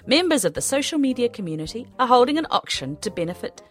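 A woman giving a bright announcer-style delivery in a comedy sketch ad. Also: a little high, sing-song, fast, faint music behind.

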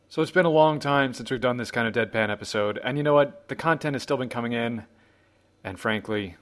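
A man's voice: mid-range voice, fairly bright tone. A man hosting a podcast in a casual monologue with dry, self-deprecating humor. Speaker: podcast host.

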